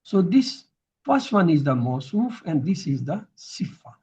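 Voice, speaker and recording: Slow, husky-voiced male teacher. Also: a little high, sing-song, a little mellow, highs cut off. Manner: patient, repeats terms to drill them. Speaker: Arabic grammar teacher. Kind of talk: recorded lesson explanation.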